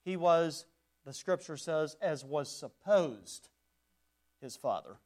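A man preaching a sermon in an emphatic, repetitive cadence, swinging between loud declarations and quieter passages. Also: on the high side, expressive, slow pace.

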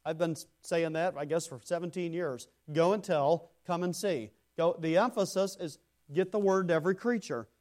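A man preaching a sermon to a congregation. He builds to loud emphatic phrases, then drops into quiet, low asides, and addresses listeners by name. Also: moderate pace. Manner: speaks to congregation members by name. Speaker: pastor.

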